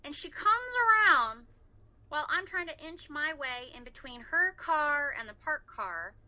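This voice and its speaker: A woman in her thirties with a very bright, ringing voice and a fairly high pitch. She tells her story in a lively, animated way and swears without holding back. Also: unhurried, low-quality recording. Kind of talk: casual chat.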